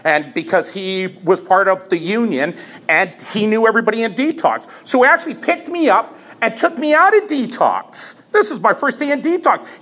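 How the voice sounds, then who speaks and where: A man in his fifties telling his own recovery story from the front of a meeting room, candid and halting, often restarting and repeating phrases. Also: high-pitched, fairly bright tone. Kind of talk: personal testimony at a recovery meeting.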